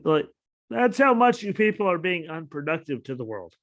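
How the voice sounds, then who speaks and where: A young man on a casual wrestling podcast, talking in a high, bright voice. He rants and swears freely, and he jumps into loud shouted bits when he acts out what other people said. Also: normal speed. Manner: ranting, profane, animated, shouts out quoted lines. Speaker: podcast co-host.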